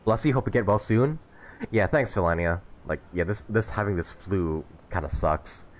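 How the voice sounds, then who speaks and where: A man's voice: low voice, expressive, moderate pace. A man streaming a game live, chatting casually with viewers while sick with the flu and sniffling. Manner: laid-back, chatty, laughs often. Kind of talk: casual live gameplay chat.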